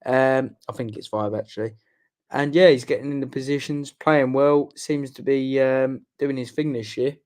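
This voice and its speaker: A man co-hosting a casual football fan chat, measured and plain-spoken, giving his verdicts in short sentences. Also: medium pitch, steady tone, darkish tone. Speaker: fan channel co-host.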